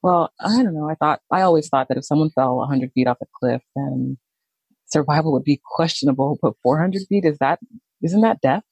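A woman, a nurse, slowly telling her own story in a halting, reflective way. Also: deep voice, a little mellow, husky, dry recording, rough recording. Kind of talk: personal storytelling.

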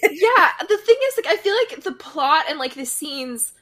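A woman's voice: high voice, expressive, moderate pace, a bit bright. A woman co-hosting a casual podcast, chatting about a TV episode with wry, amused asides. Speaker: podcast co-host. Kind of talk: casual chat recapping a TV episode.

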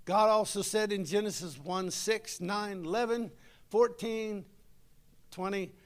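A man's voice: high-pitched, unhurried, clean tone. A middle-aged man, preaching a folksy, conversational sermon and talking with his congregation.

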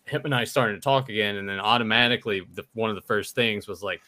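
A man co-hosting a casual podcast, talking in an easygoing, slightly halting way. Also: lowish voice, pushed and bright, no echo. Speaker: podcast co-host.

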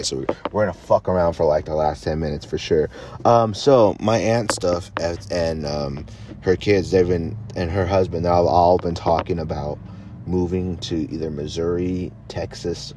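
Deep-voiced man, rambling podcast chat. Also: dark tone, a little hiss or hum. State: high. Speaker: podcast host.

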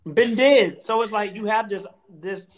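A man with a slightly high voice co-hosts a casual podcast chat. He talks in an animated, emphatic way and leans on slang. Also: normal speed, a crowd in the background, poor audio. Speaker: podcast co-host.

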